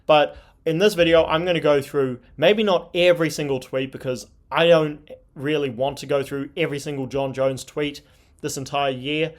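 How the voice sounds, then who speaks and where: Reading tweets aloud in a scornful, indignant tone, an MMA commentary host speaks with a fairly high pitch. His intonation stays fairly even and his pace moderate throughout the opinionated commentary.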